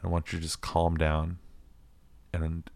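A man's voice: completely flat delivery, unhurried, creaky, a little mellow, no echo. A man playing a deadly serious cop. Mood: intense. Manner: low, intense, menacing questioning. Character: gruff no-nonsense male cop questioning a suspect.

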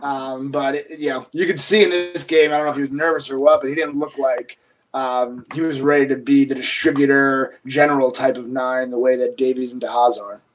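A man giving thoughtful, measured analysis in a casual sports chat. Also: medium pitch, fairly even intonation, rough recording.

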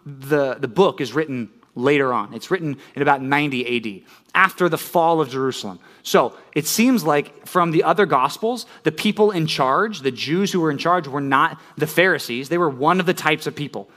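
A middle-aged man preaching a sermon, walking listeners through a Bible passage. His voice sits a little higher than most men's. He explains in a casual, conversational way and keeps checking in with "okay?". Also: moderate pace, a bit bright. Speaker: pastor. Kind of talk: sermon teaching on scripture.

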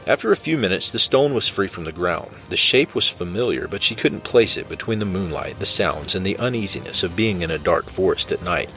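A man narrating fiction in a steady, measured way. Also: deep voice, soft background music.

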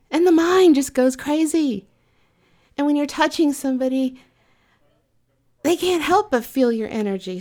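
A woman, a massage therapist, telling a story from work in a casual, animated way and acting out both sides of the exchange. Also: a little high.

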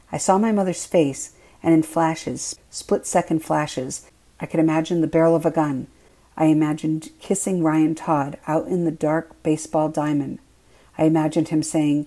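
A woman reading her own memoir aloud in the first person, quiet and measured. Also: low-pitched, fairly even intonation, low-quality recording.

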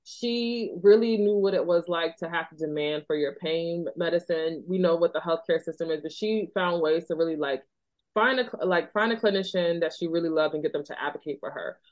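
A woman's voice: lowish voice, brisk. A woman from Philadelphia, a doctor hosting a podcast, talking in an earnest, chatty way full of "like" and "you know.". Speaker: podcast host and OB-GYN doctor. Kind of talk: casual podcast chat.

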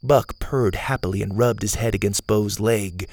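A man's voice: fairly low pitch, moderate pace, gravelly, background noise. A man hosting a children's story show, reading aloud and talking to young listeners in an upbeat, direct way. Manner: warm, upbeat and direct to kids. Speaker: storyteller host.

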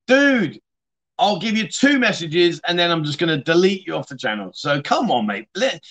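Middle-aged male host, bright forceful voice, a touch high, rambling chatty livestream banter. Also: big pitch swings, moderate pace. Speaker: livestream chat show host. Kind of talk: casual livestream chat reading viewer comments.

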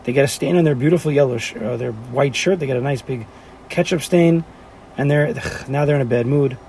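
A man's voice: mid-range voice, brisk, vocal fry, warm tone, a little hiss or hum. A man teaching a class, talking animatedly and firing off rhetorical questions. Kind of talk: lively class lecture.

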